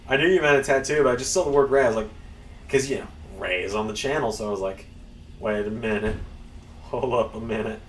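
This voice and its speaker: A man's voice: medium pitch, quick pace, recorded from a distance. A man hosting a stream, chatting in a rambling, casual way while he plays. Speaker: streamer and channel host. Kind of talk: casual gameplay commentary. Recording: roomy, off-mic, faint background hum.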